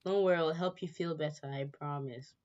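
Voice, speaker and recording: A woman's voice: deep voice, fairly even intonation, fairly quick, a little mellow, highs cut off, lightly acted. A woman voicing a fussing green stranger man. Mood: soothing. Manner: soothing, fussing caretaker. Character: gentle green-skinned male forest stranger.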